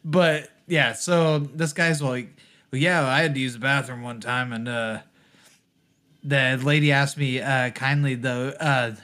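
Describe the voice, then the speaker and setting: A man's voice: mid-range voice, fairly even intonation, a little slow, bright, forceful tone. A man co-hosting a podcast, ranting profanely in casual chat and laughing often. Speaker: podcast co-host.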